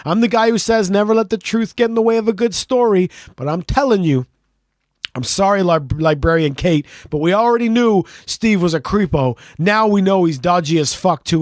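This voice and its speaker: A middle-aged man co-hosting a podcast, telling stories in animated casual banter and swearing freely. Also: sits high, dry recording, clean studio sound. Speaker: podcast co-host.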